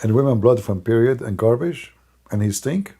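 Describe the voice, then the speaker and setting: A man's voice: medium pitch, expressive, moderate pace, dark tone, slightly rough. A man doing live-stream commentary in a mocking, sarcastic way, with non-native English grammar. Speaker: online religious commentator.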